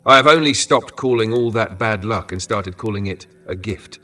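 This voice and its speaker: A frightened peasant prisoner stammers and pleads, as a man reads him. The voice is bright and forceful, slightly off-mic, with faint music underneath. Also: on the low side, moderate pace, far from the mic. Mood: confiding.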